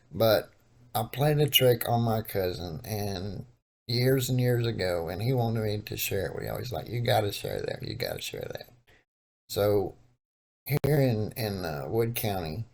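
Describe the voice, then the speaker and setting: A man's voice: lowish voice, creaky, a little mellow. A man from Texas with a Texan accent, telling a story to his viewers in a laid-back, meandering way. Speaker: vlogger. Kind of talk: casual storytelling.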